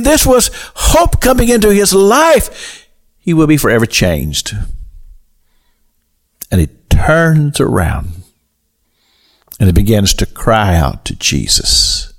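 Man, radio preacher, middle-aged, gravelly, lively rising and falling pitch, slightly high voice. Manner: slow and deliberate, swelling to emphatic highs when storytelling. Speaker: pastor. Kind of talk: radio sermon.

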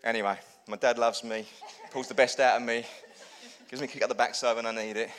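A man preaching a sermon as pastor, telling stories with humor, swinging from loud bursts to hushed lows. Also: steady tone, fast.

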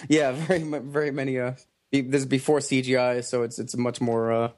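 A man co-hosting a podcast, excitable and stumbling, laughing often. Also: mid-range voice, fairly quick. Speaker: podcast co-host. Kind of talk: casual chat.

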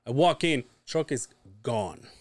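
A man's voice: mid-range voice, lively intonation, takes it slowly, dry recording. A man co-hosting a podcast, telling a long story in a rambling, profane, casual way. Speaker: podcast co-host.

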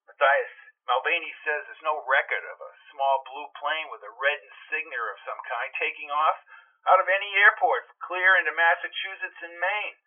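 A man's voice: on the high side, normal speed. A man voicing an earnest male friend heard through a phone filter in an audiobook. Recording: tinny phone line.

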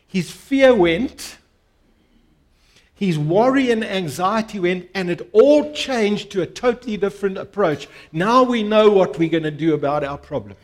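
A man's voice: high voice, lively intonation, measured pace. A pastor preaching a sermon to his congregation, earnest and emphatic, repeating key phrases and inviting listeners to respond.

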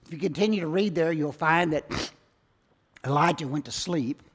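A man preaching a sermon in a slightly high voice. He builds to loud, emphatic lines and then lets his phrases sink low and quiet. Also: a little slow. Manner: dramatic swings between loud emphasis and hushed low endings. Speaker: pastor.

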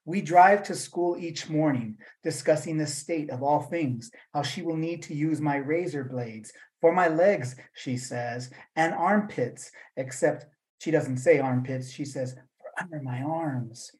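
A man reading his own poems and then talking about them, in a measured voice for the verse and a loose, rambling one with fillers for the talk, over a video call. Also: on the high side, a little mellow, rough recording. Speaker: poet reading his work. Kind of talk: poetry reading and talk at a virtual event.

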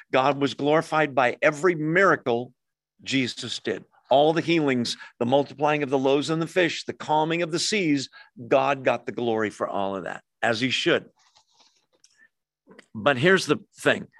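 Working through scripture verse by verse, a preacher puts questions to his listeners in a lively, expressive sermon. He has a mid-range voice, and the recording is dry.

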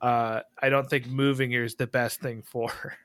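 A man playing a tabletop game who goes off on goofy, rambling jokes. His voice is at an ordinary pitch, recorded dry and close. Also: level tone, normal speed, a bit bright, no echo. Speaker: player. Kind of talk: casual chat at a tabletop game.

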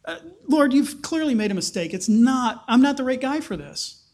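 A man's voice: very high-pitched, very animated, moderate pace, a little mellow, pitched above the performer's own voice, full character voice. A man speaking as Moses in a Bible retelling, hesitant and pleading, stumbling over his words. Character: Moses, a reluctant, self-doubting grown man.

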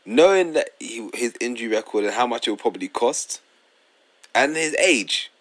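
A man's voice: mid-range voice, lively intonation, normal speed, a bit bright. A man co-hosting a casual football podcast, laid-back, teasing and full of slang. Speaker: podcast co-host.

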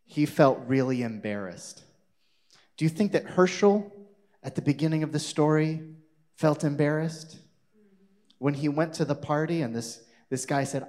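A man telling a children's sermon story, animated, putting questions to his young listeners. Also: mid-range voice, a little slow, pauses often. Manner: animated, asks the audience questions.

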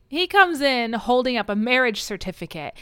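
Lady podcaster retelling a book, throws in character voices and swearing, smooth voice, dry close mic. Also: a little high, a little slow, dry recording. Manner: animated retelling, acting out characters' lines with swearing and laughs. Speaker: podcast co-host. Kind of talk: casual book-club chat.

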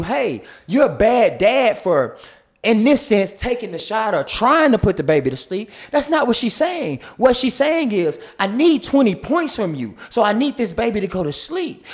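High, lively-voiced man insisting on his point. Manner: insistent, keeps cutting in to be heard; lecturing with examples. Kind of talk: casual group debate.

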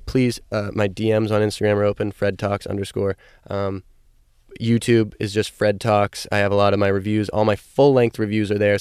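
A young man hosting a solo podcast, loose and rambling with lots of fillers, upbeat and a little high. His voice is lowish and smooth. The sound is dry and close. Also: darkish tone, no room sound. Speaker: podcast host. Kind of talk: casual solo podcast monologue.

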